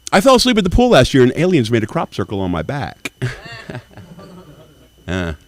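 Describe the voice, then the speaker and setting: A man's voice: medium pitch, huge pitch swings, normal speed, dry recording. Guy over sixty doing stand-up, swoops up and down a lot, crude and brash, dry close sound. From Nashville, Tennessee. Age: 60s. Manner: brash, profane storytelling. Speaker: open-mic comedian. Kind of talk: stand-up comedy.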